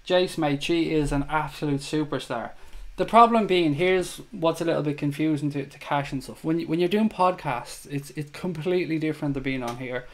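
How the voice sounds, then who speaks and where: A man's voice: fairly high pitch, moderate pace. A man hosting a fan chat show livestream, talking casually and with feeling to his viewers and reading out their comments. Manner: chatty, emotional, reads viewer comments aloud.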